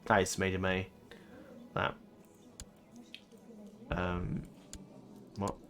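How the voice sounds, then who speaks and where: A man's voice: low-pitched, monotone, very slow, fairly bright tone, faint music behind. A man giving casual let's-play commentary, thinking aloud in a rambling way, swearing and laughing easily. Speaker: gaming commentator.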